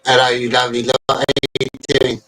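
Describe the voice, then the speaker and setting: A man's voice: medium pitch, monotone, brisk, crowd noise, low-quality recording. A man hosting a casual live stream, greeting his guests in a friendly way. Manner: chummy, greets guests one by one. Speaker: birthday stream host.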